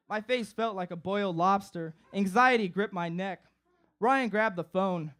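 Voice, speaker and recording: High-voiced young man telling a comic story. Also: a little slow. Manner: comic, animated, acts out friends' voices. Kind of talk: live storytelling performance. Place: live stage before an audience.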